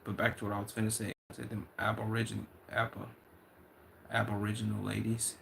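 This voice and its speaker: Young dude streaming, low gravelly voice, swearing and hyped, lots of restarts. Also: male voice, brisk, slight background noise. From Chicago. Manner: loose, profane, excitable banter with repeated restarts. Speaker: livestreamer reading chat. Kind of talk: casual livestream chat.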